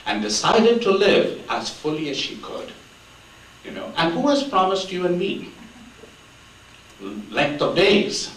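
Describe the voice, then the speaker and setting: A man's voice: medium pitch, fairly bright tone. A man giving a spiritual talk, telling stories in a conversational way with light humor. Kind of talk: storytelling talk on spiritual life. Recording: echoey room, mic at a distance, faint noise.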